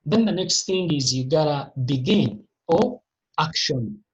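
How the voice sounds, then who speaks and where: A motivational speaker giving an emphatic, repetitive talk in a live online session, with sudden upward pitch jumps, heard over a video call. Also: lively intonation, unhurried, dull audio.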